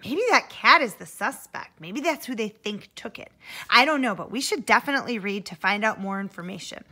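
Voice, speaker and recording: Animated woman reading aloud to kids. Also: medium pitch, a little fast, breathy edge. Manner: animated, asks listeners questions. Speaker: teacher. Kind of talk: children's read-aloud.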